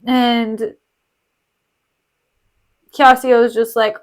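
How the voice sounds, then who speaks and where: A woman's voice: a little high, steady tone, slow pace, long pauses. A woman streamer chatting playfully as she reads a play aloud, retelling scenes in slang. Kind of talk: casual chat and read-aloud.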